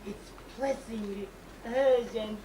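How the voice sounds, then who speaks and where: A woman's voice: a little high, steady tone, slow pace. A woman playing a fussy, insistent lady patient in an amateur stage comedy, giggly in manner. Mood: flustered. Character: flustered female patient with an odd name, pushy. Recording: echoey hall, far mic, audience noise.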